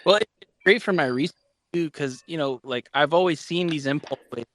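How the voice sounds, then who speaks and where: A community member speaking in a halting, thoughtful way with many restarts. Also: male voice, a little high, fairly bright tone, a little hiss or hum. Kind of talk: casual chat.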